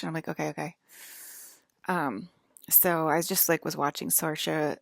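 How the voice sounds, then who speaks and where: A woman's voice: low-pitched, little pitch movement, normal speed, vocal fry, no room sound, clean studio sound. A young woman talking in a rambling, casual monologue full of fillers and apologies. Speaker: vlogger.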